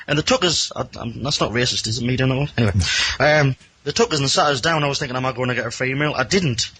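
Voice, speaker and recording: A man's voice: mid-range voice, fast, few pauses, fairly bright tone, slightly rough. A man with a Geordie accent telling a rambling, self-mocking story as a caller on a radio show, acting out the other people in it. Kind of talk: casual anecdote on a radio phone-in.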